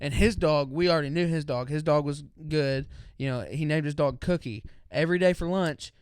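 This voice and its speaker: A man's voice: a little high, brisk, darkish tone, clean tone, dry recording, studio quality. A young man co-hosting a podcast, telling stories in a laid-back, drawling way and saying "dude" often. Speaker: podcast co-host. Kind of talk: casual storytelling chat.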